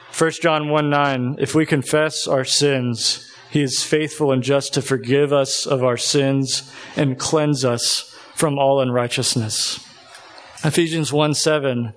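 An earnest man preaching a sermon at a medium pitch. He reads scripture aloud with feeling and sometimes stops to gather himself before going on. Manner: earnest, emotional, pauses to collect himself.

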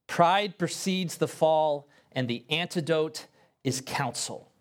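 A male pastor preaching a sermon in an earnest, emphatic way, talking straight to his congregation and lifting his voice for stress. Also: slow. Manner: earnest, emphatic preaching with sudden rises in pitch and pace; addresses the congregation directly and conversationally.

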